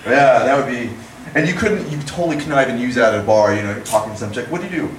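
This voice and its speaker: A young man performing a rambling stand-up set, slipping into quick character voices, recorded in an echoey room from far off. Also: medium pitch, a little hiss or hum. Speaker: stand-up comedian. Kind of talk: open-mic stand-up set.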